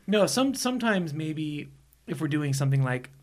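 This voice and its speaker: Man, podcast co-host, fairly high pitch, casual, joking, laughing. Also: sing-song, normal speed, darkish tone. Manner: joking, laughs often, swears. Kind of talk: casual chat.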